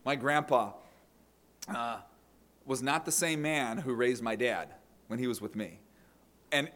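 This middle-aged pastor has a mid-range, slightly bright voice. Preaching a sermon, he tells family stories with acted-out quotes, frequently repeating words as he restarts a thought.

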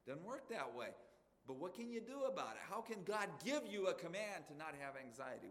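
A man's voice: high voice, very animated, moderate pace, a bit bright, in a large hall. A middle-aged man preaching a sermon in a church, chatty and folksy, speaking straight to the congregation. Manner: folksy, conversational, addresses congregation directly. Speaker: pastor. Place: church sanctuary.

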